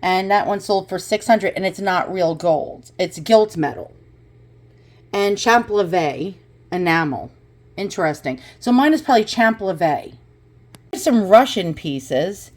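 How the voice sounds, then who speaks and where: A woman hosting an unboxing vlog, talking through her finds in a casual, chatty way. She keeps breaking into excited exclamations as she compares prices. Her voice sits at an ordinary middle pitch. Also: unhurried. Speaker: vlogger. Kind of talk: unboxing and price research chat.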